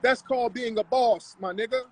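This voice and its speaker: A man's voice: extremely high pitch, normal speed, dry recording, low-quality recording. A man hosting a livestream, talking in a confrontational, mocking, profane rant. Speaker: livestream host. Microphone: live stream mic.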